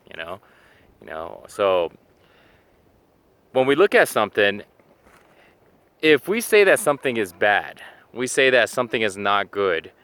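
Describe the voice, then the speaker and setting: A man's voice: fairly low pitch, pushed and bright, clear, resonant tone. A man giving a casual motivational talk to camera, chatty and full of "you know", acting out everyday scenes as he explains. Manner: acts out little scenes in quoted asides. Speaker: fitness and self-help video host.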